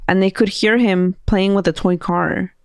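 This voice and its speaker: A woman hosting a podcast, telling a spooky story in a casual, animated way and acting out the voices of people in it. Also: medium pitch, moderate pace, smooth, no echo, clean studio sound. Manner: animated, laughing, acts out quoted voices.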